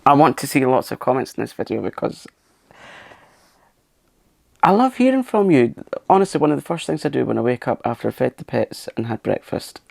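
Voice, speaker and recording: A man hosting a makeup channel, talking softly through a tutorial in a chatty, self-mocking way and sometimes dropping into a whisper. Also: medium pitch, quick pace, vocal fry, hardly any pauses, dry recording. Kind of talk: soft-spoken makeup tutorial.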